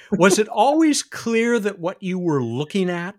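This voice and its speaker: A man hosting a science radio interview, chatty and lively, with jokey asides. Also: high voice, unhurried, few pauses. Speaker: podcast host.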